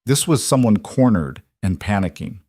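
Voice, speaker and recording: Low-voiced male thriller narrator. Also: expressive, normal speed, dark tone, no echo, studio quality.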